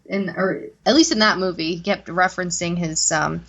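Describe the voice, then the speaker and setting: A woman's voice: lowish voice, moderate pace, hardly any pauses, fairly bright tone. Rambling, swearing woman podcaster, dull sound. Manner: profane, rambling chatter. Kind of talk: casual chat.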